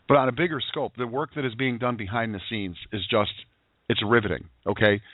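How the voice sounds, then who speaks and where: A man hosting a daily internet radio show, talking in an energetic, preachy way full of rhetorical questions and "you know"s. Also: fairly low pitch, no echo. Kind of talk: motivational call-in show talk. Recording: tinny phone-line sound, dry.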